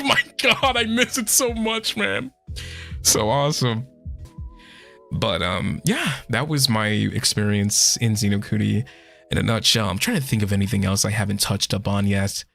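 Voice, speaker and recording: A hoarse man chats excitedly on his stream, cursing freely as he goes. His voice is bright and forward. A little music plays quietly behind him. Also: fairly low pitch. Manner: excitable, swears a lot. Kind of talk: casual chat stream.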